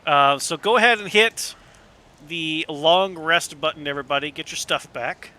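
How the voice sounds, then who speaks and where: A man's voice: on the high side, moderate pace, sharp tone. A man narrating as game master for a tabletop game in a loose, casual way, with many fillers and some swearing.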